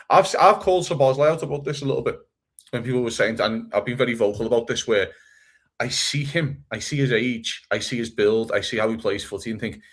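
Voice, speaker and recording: A man co-hosting a casual football podcast, blunt and animated, swearing freely. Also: medium pitch, brisk. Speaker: podcast co-host.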